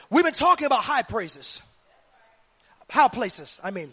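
A man's voice: very high voice, very animated, unhurried, pauses often, pushed and bright, husky. A man preaching a sermon with fervent, repetitive preaching cadence.

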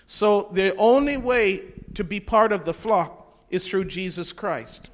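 Slow-paced and high-pitched, a preacher questions his congregation and recites scripture in King James phrasing. The sound has a hall's long reverb.

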